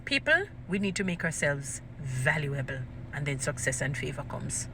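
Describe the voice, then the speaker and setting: A woman giving casual commentary, animated and emphatic, repeating phrases for stress. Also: deep voice, moderate pace, background noise.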